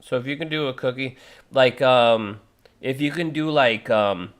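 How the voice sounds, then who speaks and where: A man's voice: medium pitch, a little slow. A man in his thirties chatting on a live stream, rambling with many fillers and restarts, now and then breaking into harsh vocal demonstrations. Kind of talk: casual live-stream chat.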